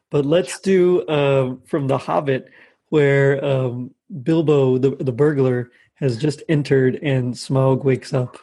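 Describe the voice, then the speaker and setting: A man's voice: mid-range voice, darkish tone. A man chatting casually, laughing often and gushing about favorite cartoon lines. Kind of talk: casual chat.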